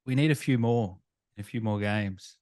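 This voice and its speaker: An Australian man hosting a casual interview, upbeat and quick to laugh along. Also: lowish voice, darkish tone. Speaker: interview host.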